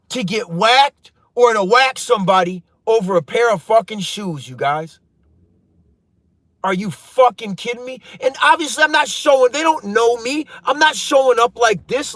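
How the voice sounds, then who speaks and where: A man's voice: very high voice, lively intonation, normal speed, a bit bright, dry recording. A man in his thirties telling a heated, profane story to his viewers in a casual, rambling way. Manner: profane, heated, addresses viewers as you guys. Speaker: storytelling vlogger.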